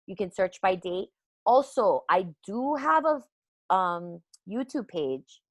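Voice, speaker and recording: A woman hosting a team business call, chatty and self-mocking and quick to laugh, talking into a computer mic on a live call. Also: mid-range voice, very animated, dry recording. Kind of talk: casual chat. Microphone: speaking into a computer mic on a live call.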